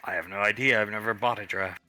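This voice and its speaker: A man's voice: fairly low pitch, steady tone, quick pace, pushed and bright, soft background music. Chatty animal-loving young wife, by a man. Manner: rambling, self-correcting.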